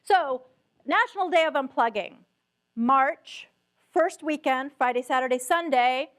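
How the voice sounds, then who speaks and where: A middle-aged woman giving a conference keynote talk, telling stories with animated asides to the audience. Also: sits high, a little slow. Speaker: keynote speaker. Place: conference hall stage.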